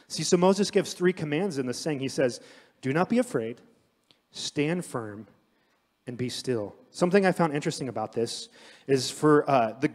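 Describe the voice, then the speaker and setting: A young adult man preaching a sermon as pastor, telling stories with acted quotes in an animated way. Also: mid-range voice. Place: church sanctuary. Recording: long hall reverb.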